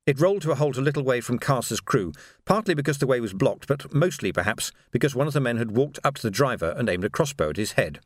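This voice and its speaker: In a mid-range voice, a man narrates an audiobook with even, measured pacing. The studio-quality recording carries no room sound.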